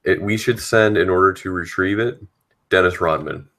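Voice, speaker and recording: A man's voice: low-pitched, normal speed, very noisy. A man in a casual panel chat who chimes in with offhand, dry quips.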